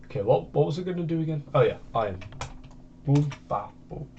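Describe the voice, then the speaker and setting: A man's voice: a little high, lively intonation, fairly quick, darkish tone, lo-fi sound, slight background noise. A man from the United Kingdom giving rambling, casual commentary over a video game at his home computer. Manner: rambling, meandering chat. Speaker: gaming channel host.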